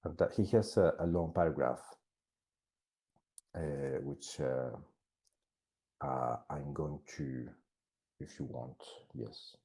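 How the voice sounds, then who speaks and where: A man's voice: very deep voice, steady tone, slow, pauses often, warm tone. A man giving a classroom lecture in English, which is not his first language, talking hesitantly with many fillers and restarts.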